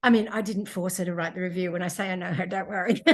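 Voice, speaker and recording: A woman co-hosting a running podcast in casual chat, talking in an animated way and laughing often. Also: on the low side, moderate pace. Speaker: podcast co-host, running coach.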